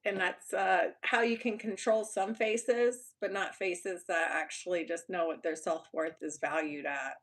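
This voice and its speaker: A woman's voice: fairly low pitch, fairly even intonation, a little slow, few pauses, a bit bright. A young Texan woman chatting casually with viewers on a live stream, blunt and loose, swearing and laughing often. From Texas. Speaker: YouTuber.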